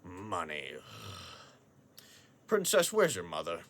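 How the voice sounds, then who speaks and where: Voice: low voice, wildly swooping pitch, extremely slow, fairly bright tone, heavily acted. A young actor playing a rich, forgetful father who blusters and stammers, in a school play over a video call. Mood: gruff. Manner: blustering, stammering, snaps then coos. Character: rich, forgetful old father, gruff and doting.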